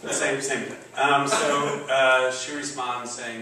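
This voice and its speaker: A man's voice: mid-range voice, a little slow, pushed and bright, slight background noise. A man in his forties telling a rambling, profane, self-deprecating story on stage in front of a live audience. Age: 40s. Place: stage in a comedy venue. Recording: roomy, distant live venue recording. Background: audience laughter.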